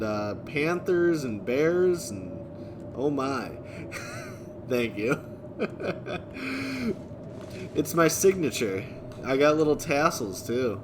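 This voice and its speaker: A man live-streaming, reading and answering viewer chat in a relaxed way, chuckling often. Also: medium pitch, noisy background. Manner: laid-back, chuckling often, thanking viewers.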